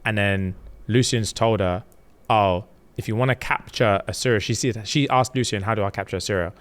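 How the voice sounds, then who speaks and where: A man's voice: fairly low pitch, brisk, smooth. A man, casually retelling a novel's plot on a podcast, acting out the characters' lines in slang. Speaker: podcast co-host.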